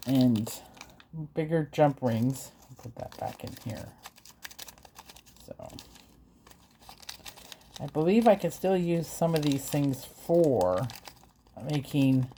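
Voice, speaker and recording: A woman's voice: low voice, warm tone, a little hiss or hum. A woman vlogger chatting casually and hesitantly as she unboxes and reviews craft supplies. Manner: chatty, hesitant, with fillers and self-corrections.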